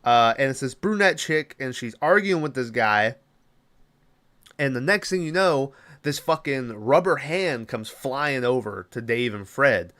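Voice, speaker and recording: A young man hosting a podcast, talking through a film's plot in loose, casual chat. He rambles with plenty of filler words and drops the odd curse. His voice sits at an ordinary middle pitch. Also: expressive, measured pace, fairly bright tone. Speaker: podcast host. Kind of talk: casual movie recap.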